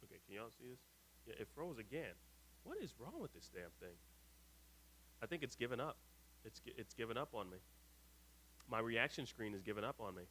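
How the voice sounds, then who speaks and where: A man hosting a live stream, reading viewer comments aloud with lively ups and downs and grumbling when his screen freezes. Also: medium pitch, fairly quick, pauses often, slight background noise. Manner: exasperated, grumbling at tech trouble. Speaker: host.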